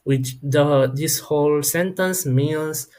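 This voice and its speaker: A man teaching a French pronunciation lesson, talking slowly with many fillers and restarts and saying French words one at a time for the learner. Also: fairly high pitch, darkish tone. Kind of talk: unscripted online lesson.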